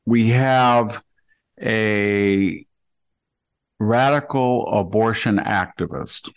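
A man's voice: on the low side, vocal fry. An older man hosting a podcast, talking through long hypotheticals in conversational commentary. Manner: long hypotheticals, acts out quoted people. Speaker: podcast host.

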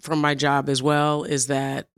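Animated woman telling candid stories. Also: low voice, measured pace, smooth, dry recording, clean studio sound. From Chicago. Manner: animated storyteller, acts out quoted voices. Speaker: interview guest, music executive. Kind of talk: candid storytelling interview.

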